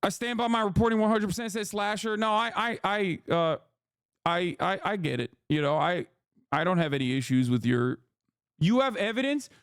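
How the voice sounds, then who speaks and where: A man with a very high-pitched voice hosts a stream and rants in casual commentary. He swears freely and mocks with open disbelief. The sound is close and dry, with no room echo. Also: expressive, moderate pace, fairly bright tone, clear, resonant tone. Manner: profane, incredulous, mocking. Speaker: streamer host.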